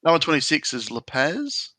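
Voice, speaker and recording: An Australian man with a bright, forceful tone co-hosts a laid-back podcast chat. He talks in an easygoing way and pauses on ums. The sound is close and dry, with no room around it. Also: fairly high pitch, wildly swooping pitch, no room sound. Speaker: podcast co-host. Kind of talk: casual chat.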